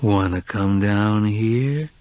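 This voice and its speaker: A man reading an audiobook, voicing a drunk, sleepy, lonely middle-aged woman who slurs slowly. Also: on the low side, a little mellow, no echo. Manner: slow sleepy whine. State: drunk, slurring.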